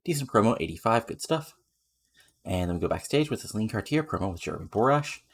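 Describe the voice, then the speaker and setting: A man's voice: lowish voice, very animated, fast talker, gravelly, breathy edge. A man giving casual, rambling commentary on a game he is playing, with lots of fillers. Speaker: let's play commentator.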